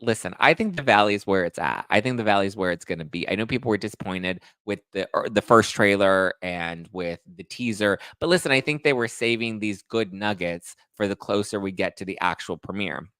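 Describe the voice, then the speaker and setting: A man's voice: on the low side, brisk, few pauses, fairly bright tone, clean tone, no room sound. A man hosting a podcast, rambling through casual gossip chat full of "like" and "listen". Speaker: podcast host.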